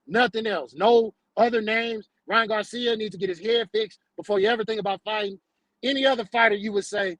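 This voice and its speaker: A man with a notably high voice hosts a sports talk show and rants emphatically. He sounds close and dry, with no room around him. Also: fairly quick, a bit bright, no echo, poor audio. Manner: emphatic, ranting, peppers lines with "man".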